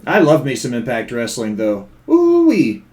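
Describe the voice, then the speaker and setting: Man, tennessee drawl, slightly higher voice, rowdy upbeat podcast chat. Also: expressive, normal speed. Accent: Tennessee Southern drawl. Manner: boisterous, profane, enthusiastic. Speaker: podcast co-host.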